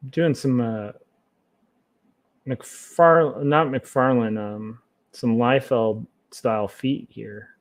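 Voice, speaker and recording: A man streaming while he draws comics, chatting casually and thinking aloud in a relaxed, self-mocking way. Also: medium pitch, drawn-out words. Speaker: comic artist streaming his work. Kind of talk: casual livestream commentary while drawing.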